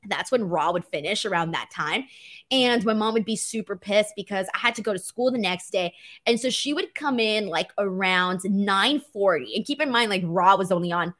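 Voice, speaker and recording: A young woman from the West Coast telling stories in a casual Q&A video, animated and laughing, slipping into playful impressions. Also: mid-range voice, moderate pace. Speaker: vlogger. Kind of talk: casual Q&A storytelling.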